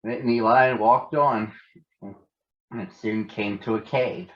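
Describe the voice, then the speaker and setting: A man reading a children's storybook aloud in a gentle storytelling manner, on a dull lo-fi recording. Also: fairly low pitch, fairly even intonation, slow. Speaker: storybook reader. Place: outdoors on a hike.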